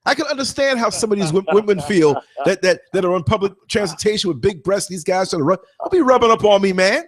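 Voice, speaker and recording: Podcast guy spinning a story, higher voice, acts out the quotes, repeats stuff for emphasis. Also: expressive, fast talker. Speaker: podcast host and former bus driver. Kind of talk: casual storytelling.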